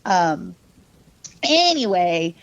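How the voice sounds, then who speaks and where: A woman's voice: fairly low pitch, big pitch swings, very slow, creaky, dry recording. A woman casually telling a personal ghost story on a podcast, rambling with lots of fillers and quoting people in changed voices. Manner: rambling, filler-heavy, laughing; mimics her younger self and cousin in quoted lines. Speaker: podcast guest. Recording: dull, lo-fi, dry sound.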